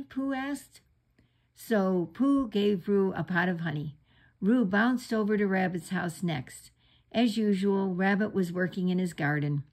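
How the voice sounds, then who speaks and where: Slow, gentle bedtime storyteller woman. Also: medium pitch, gravelly, breathy edge.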